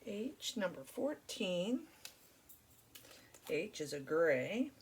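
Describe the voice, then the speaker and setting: A woman's voice: on the low side, very animated, very slow, slight background noise. Chatty woman hosting a crafting vlog. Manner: rambling, friendly, many fillers. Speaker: crafting channel host. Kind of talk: casual chat while crafting.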